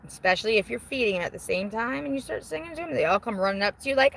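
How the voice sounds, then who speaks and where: A woman's voice: fairly high pitch, animated, fast talker, creaky, few pauses, a bit bright, a little hiss or hum, poor audio. A middle-aged woman vlogger reading viewer comments in a casual, rambling chat. She mocks herself, swears freely and laughs often. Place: outdoors on a porch while smoking.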